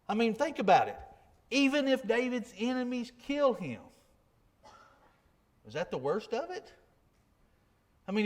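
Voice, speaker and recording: High-voiced preacher. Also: male voice. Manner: conversational preaching with frequent repetitions and rhetorical questions. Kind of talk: sermon.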